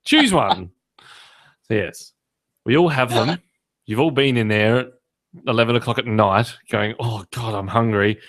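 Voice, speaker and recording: An Australian man hosts a podcast in loose, casual chat. He jokes and goes off on rants at a middling pitch. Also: expressive, a little slow, long pauses, a bit bright. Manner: joking, ranting. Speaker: podcast host.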